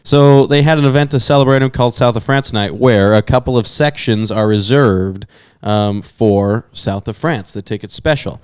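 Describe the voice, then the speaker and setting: Rambling young man, smooth voice. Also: mid-range voice, moderate pace, few pauses, darkish tone, no room sound, studio quality. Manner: rambling storyteller with many fillers. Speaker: podcast co-host. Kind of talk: casual chat.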